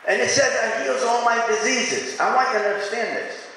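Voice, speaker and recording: A man's voice: very high-pitched, animated, moderate pace, pushed and bright. A pastor preaching a sermon to his church, leading the congregation in call-and-response and repeating lines for emphasis. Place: church sanctuary. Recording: echoey church hall with faint room noise.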